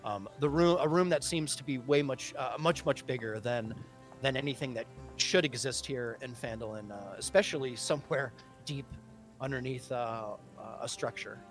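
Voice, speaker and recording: Soft background music accompanies a mid-range male voice running a tabletop game as game master. His narration is halting, full of fillers, and keeps restarting.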